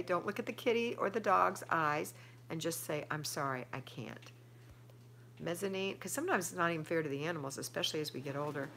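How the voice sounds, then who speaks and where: A woman's voice: on the low side, vocal fry, fairly bright tone, a little hiss or hum. A middle-aged woman, hosting a casual live stream at home and chatting as she reads viewer comments aloud and answers them. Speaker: livestream host reading viewer comments.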